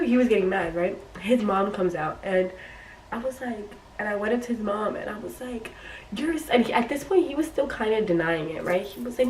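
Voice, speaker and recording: A young woman telling a story on her vlog in a casual, animated way, acting out what people said. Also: medium pitch, brisk, roomy sound, distant mic, a little hiss or hum, low-quality recording. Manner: animated retelling, acts out quotes. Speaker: YouTuber.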